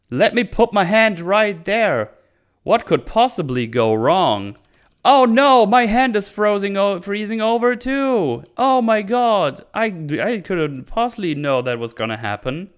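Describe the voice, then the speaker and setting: A man's voice: medium pitch, very animated, fairly quick, hardly any pauses, lightly acted. A man mocking a squealing panicky girl. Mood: mock innocent. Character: panicky naive young female hobbit-like girl.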